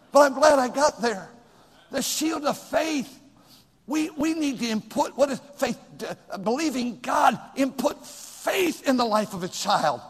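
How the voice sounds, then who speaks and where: An older man preaching a sermon as pastor, swinging from hushed asides to sudden shouts. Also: extremely high pitch, husky, big-room sound.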